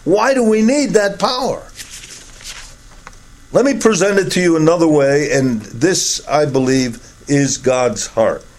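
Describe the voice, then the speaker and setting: A middle-aged man preaching a sermon, emphatic, his voice rising high to stress key words. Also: unhurried, darkish tone.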